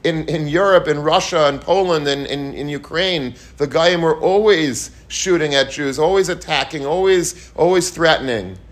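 A man's voice: a little high, moderate pace, few pauses. A man teaching the weekly Torah portion, earnest and repetitive, asking rhetorical questions and mixing in Hebrew and Yiddish terms. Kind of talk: Torah lecture.

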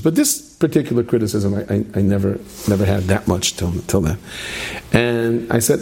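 A man's voice: fairly low pitch, fairly quick, gravelly, dark tone, breathy edge. A man giving a religious talk as a storyteller, repeating words as he goes and dropping humorous asides. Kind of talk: storytelling sermon. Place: stage with plexiglass screen.

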